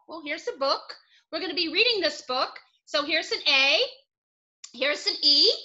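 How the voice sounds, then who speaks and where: A woman teaching young children a phonics lesson in a playful manner, with sound effects and excited outbursts. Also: high-pitched.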